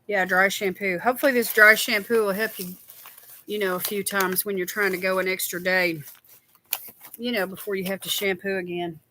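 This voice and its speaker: A woman's voice: mid-range voice, steady tone, moderate pace, bright, forceful tone, slight background noise. A woman hosting a casual skincare livestream, chatty and tired, greeting viewers by name.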